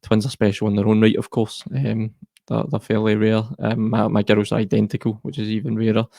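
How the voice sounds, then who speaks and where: A Scottish man talks as a guest in an earnest, reflective way. His low voice has a gravelly rasp and stays fairly level. The sound is dry and close. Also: flat delivery, brisk, mellow, dry recording. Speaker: guest, mental health charity co-founder. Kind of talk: personal interview talk.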